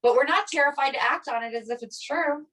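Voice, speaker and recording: Animated middle-aged woman telling a story. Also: sits high, fairly quick. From Italian American. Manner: animated storyteller, acts out quoted voices. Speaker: podcast co-host. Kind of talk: casual conversation. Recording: voice a bit distant from the mic.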